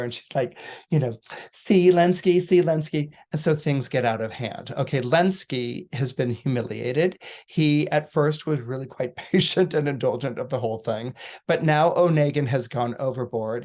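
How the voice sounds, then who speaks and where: A man of middle pitch retells a story in casual podcast chat. He talks animatedly, often restarting his sentences and stacking up fillers as he goes. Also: darkish tone. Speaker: podcast astrologer guest.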